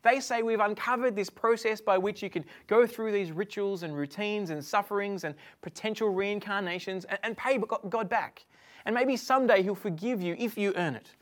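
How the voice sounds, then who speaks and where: Animated woman preaching. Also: medium pitch, normal speed. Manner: conversational and animated, swings from hushed to loud. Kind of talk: sermon to an online audience.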